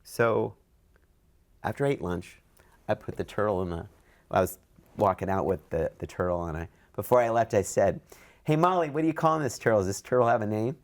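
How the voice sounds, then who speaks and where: A middle-aged man with a fairly low voice tells a workplace story in an oral history interview. He talks with lively ups and downs and acts out the dialogue in a raised voice. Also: fairly quick. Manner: animated, acts out quoted dialogue with raised pitch. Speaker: interviewee, events program manager.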